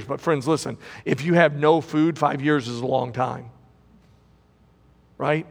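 A high-voiced man preaching a sermon to a congregation, leaning on repeated phrases and rising emphasis. His voice carries a long reverb from the big auditorium around him. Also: a little slow, vocal fry, long pauses, slightly rough. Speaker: pastor. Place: large auditorium.

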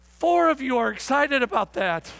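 A man preaching a sermon as pastor, emphatic and repetitive, calling the congregation friends, building to excited shouts and then dropping to a quiet, close tone. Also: very high voice, normal speed, gravelly. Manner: emphatic, repeats phrases, addresses the congregation as friends. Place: church sanctuary.

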